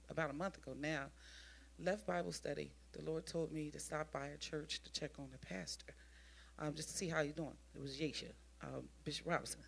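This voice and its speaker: A woman giving an informal sermon, telling a personal testimony in an animated way and talking straight to the congregation, often repeating and restarting her phrases. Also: low-pitched, vocal fry. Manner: addresses the congregation directly.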